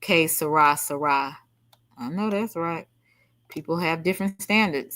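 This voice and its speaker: A woman hosting a livestream, chatting casually and reading out viewer comments in an animated, slangy way. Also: deep voice, unhurried. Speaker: livestream host.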